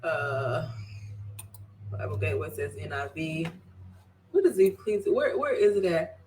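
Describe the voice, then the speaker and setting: A woman hosting a casual book club review, chatty and digressive, reading scripture aloud in a halting way. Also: deep voice, a little mellow, rough recording.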